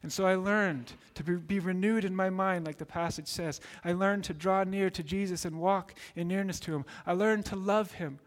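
Male preacher, high voice, earnest sermon storyteller, long hall echo. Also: normal speed, hardly any pauses. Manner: earnest storytelling, builds to excited peaks.

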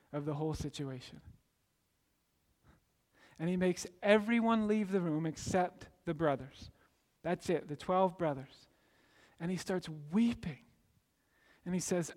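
High-voiced preacher in a reverberant hall. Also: male voice. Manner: animated storytelling, acting out quoted voices. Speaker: pastor. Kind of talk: sermon.

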